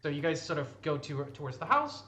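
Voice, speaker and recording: A man narrating a tabletop game as game master, in a halting, rambling way. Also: on the high side, sing-song, bright, forceful tone, slight background noise.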